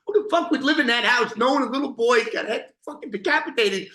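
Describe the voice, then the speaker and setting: A man telling a story from his own past in casual talk, blunt and profane, often restarting and clearing his throat. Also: very high voice, quick pace, sharp tone, reverberant.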